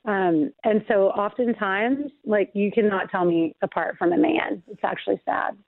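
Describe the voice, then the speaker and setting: A woman's voice: mid-range voice, moderate pace, dry recording. A woman radio host chatting over a phone call, bubbly, laughing and emphatic, a little congested. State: congested voice from allergies. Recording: tinny phone line, dry.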